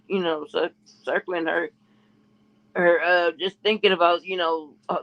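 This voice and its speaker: Gravelly man telling gossip, lo-fi. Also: sits high. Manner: rambling, restarts often, quotes others in a raised voice. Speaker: podcast co-host. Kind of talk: casual gossip storytelling. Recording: muffled lo-fi audio.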